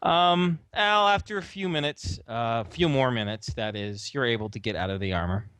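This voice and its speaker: A man at a middle pitch narrating a tabletop game as its game master. His voice is smooth and clear, recorded dry and close. He talks in a relaxed way, with fillers and small laughs. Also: moderate pace, no room sound.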